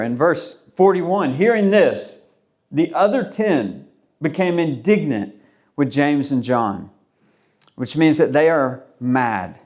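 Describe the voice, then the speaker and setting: This is a pastor delivering a sermon, a man with a somewhat high voice. He speaks casually and conversationally, slipping into the voices of the people he quotes as he tells the story.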